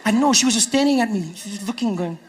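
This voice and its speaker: A man with a South African accent doing stand-up comedy, telling stories with animated delivery. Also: high-pitched, rapid-fire, slightly rough. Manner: animated storytelling, acting out characters.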